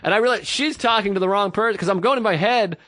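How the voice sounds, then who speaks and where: A man in his thirties spinning a long, self-deprecating anecdote on a podcast and slipping into the voices of everyone in it. His voice sits a little high for a man, and the sound is close and dry with no room around it. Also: fast talker, fairly bright tone, no room sound. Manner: rambling, self-deprecating anecdotes with acted-out quotes. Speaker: podcast co-host. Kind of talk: casual storytelling chat.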